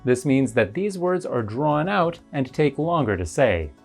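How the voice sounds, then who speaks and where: A woman narrating an English lesson. Her voice is low but moves up and down a lot. She explains points clearly and methodically. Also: big pitch swings, unhurried, darkish tone, faint music behind. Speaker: English teacher.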